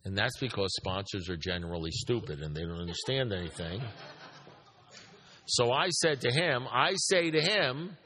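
A man's voice: mid-range voice, big pitch swings, moderate pace, sharp tone. A man speaking to a recovery group, telling a story with emphasis, repeating his points and asking the room questions. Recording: echoey hall.

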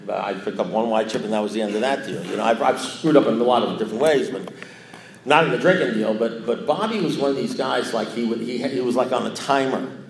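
A man's voice: mid-range voice, quick pace, gravelly, a little hiss or hum. A man sharing a recovery story, rambling and repeating himself, playfully acting out what others said. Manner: repetitive, self-mocking, acts out quoted lines. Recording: echoey room.

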